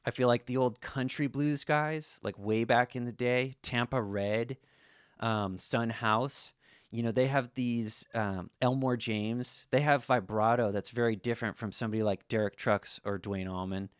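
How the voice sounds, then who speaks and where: A man's voice: lowish voice, clean tone, no echo, studio quality. A man giving a casual, conversational guitar lesson, full of "you know" fillers. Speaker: slide guitar teacher.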